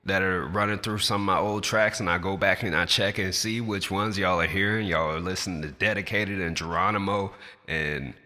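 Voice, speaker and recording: A man's voice: deep voice, steady tone, moderate pace, pushed and bright, long reverb tail. A man who raps, speaking straight to camera in a passionate, blunt and profane rant in his natural everyday voice. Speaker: rapper.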